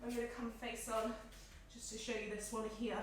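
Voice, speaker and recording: With a high, light voice and a slightly out-of-breath delivery, a yoga instructor leads a class a little fast, pacing her calm, encouraging cues to inhales and exhales. Her words ring through a bare, echoey room from a distant mic, with slight background noise.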